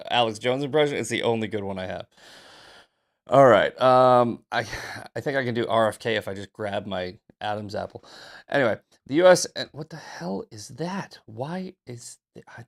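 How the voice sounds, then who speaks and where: A man's voice: medium pitch, vocal fry. A man hosting a casual news commentary show, reading headlines with sarcastic, profane asides, just out of bed. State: just woke up. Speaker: host.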